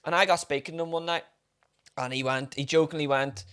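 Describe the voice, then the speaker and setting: A young Northern Irish man co-hosting a podcast, telling stories in a sweary, animated chat. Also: a little high, brisk, clear, resonant tone. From Northern Ireland. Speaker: podcast co-host. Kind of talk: casual chat.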